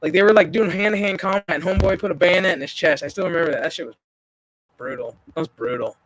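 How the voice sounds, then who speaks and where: A man hosting a gaming stream, telling a story in casual chat, profane and animated. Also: sits high, quick pace.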